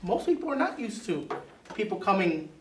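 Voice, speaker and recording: A man's voice: high voice, big pitch swings, moderate pace, reverberant, far from the mic, slight background noise, poor audio. A man teaching a Bible class, emphatic and repeating key words for stress.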